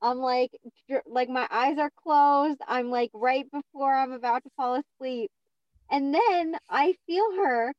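A young woman telling a story in a casual chat, halting and full of fillers. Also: sits high, no room sound, muffled recording.

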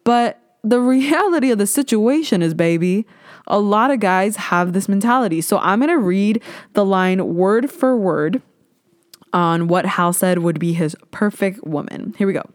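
A young adult woman hosting a casual solo podcast, talking in an animated, ranting way and swearing freely. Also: medium pitch, moderate pace, no echo, clean studio sound. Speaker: podcast host.

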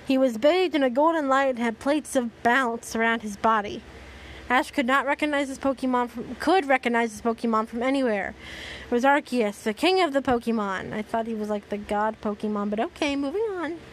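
A woman's voice: a little high, fairly quick, slight background noise, rough recording. Sarcastic woman reading a story aloud. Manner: dry, sarcastic asides. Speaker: host reading fan fiction aloud. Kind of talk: dramatic reading with sarcastic commentary.

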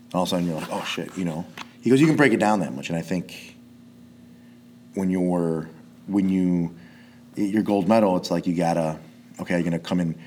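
Low-voiced rambling jiu-jitsu coach. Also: male voice, brisk, pauses often, a little mellow, slight background noise. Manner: rambling, profane, restarts sentences often. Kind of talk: casual podcast chat.

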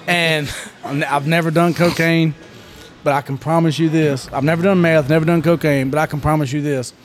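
Man, podcast host, casual joking chat, somewhat high voice. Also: moderate pace, pauses often, soft background music. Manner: joking, laughs often.

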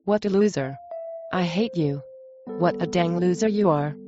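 An actress playing a cruel wife who hurls insults at her husband in a flat, cold way, in a muffled recording with music underneath. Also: lowish voice, measured pace, natural voice. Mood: contemptuous. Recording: muffled sound with music behind.

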